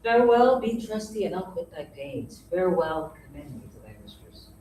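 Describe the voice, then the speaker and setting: A woman's voice: fairly low pitch, animated, moderate pace, warm tone, lightly acted. A woman on a theater stage playing an earnest young man in love in an unrehearsed reading. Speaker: amateur stage actor. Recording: echoey hall, distant mic, faint noise.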